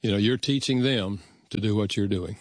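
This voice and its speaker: An older man with a low voice shares stories from his own life, speaking earnestly and at a measured pace. He often slips into remembered dialogue. The recording is dry and close, with no room sound. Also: dry recording. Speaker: guest author. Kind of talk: reflective storytelling in conversation.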